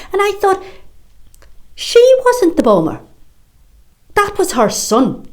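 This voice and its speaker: In a fairly low voice and an Irish accent, an actress plays a bitter, fierce middle-aged Irish mother. She delivers a sharp-tongued stage monologue full of swearing.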